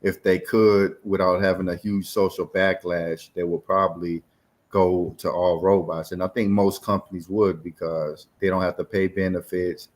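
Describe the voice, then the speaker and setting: Deep-voiced male co-host, thoughtful and musing in easy conversation. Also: little pitch movement, moderate pace. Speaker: podcast co-host. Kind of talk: casual chat.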